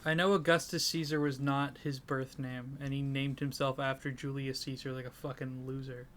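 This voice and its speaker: A man's voice: mid-range voice, flat delivery, normal speed, fairly bright tone, a little hiss or hum. A man co-hosting a casual comedy podcast, rambling and self-deprecating, sleep-deprived and breaking into laughter. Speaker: podcast co-host.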